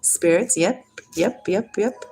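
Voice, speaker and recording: A woman's voice: medium pitch, slow, vocal fry, a little mellow, slightly rough, soft background music. A woman hosting a spiritual livestream, rambling casually and reading viewer comments aloud. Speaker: livestream host.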